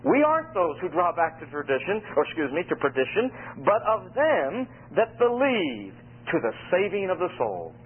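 A man preaching an expository sermon, reading scripture and explaining it with emphatic, animated delivery. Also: sits high, moderate pace. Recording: phone-like radio broadcast.

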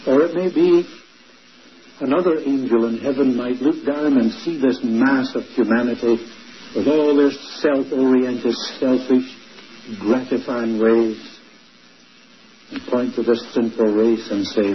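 A male preacher giving a sermon, slow and emphatic, dwelling on repeated words. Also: medium pitch. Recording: dull lo-fi recording, faint noise.

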